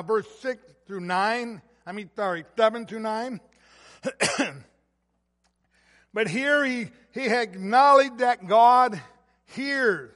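A man with a strikingly high voice preaches a sermon, repeating his key phrases and pushing his volume up on each point he wants to land. His words ring out with a long reverb tail, as if in a large church hall. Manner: emphatic, repeats key phrases, swells louder on stressed points.

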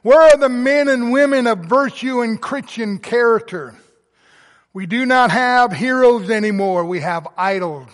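A man's voice: extremely high pitch, measured pace, in a large hall. A male pastor preaching a sermon with emphatic, rising and falling delivery. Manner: emphatic preaching, swelling to loud emphasis then dropping soft.

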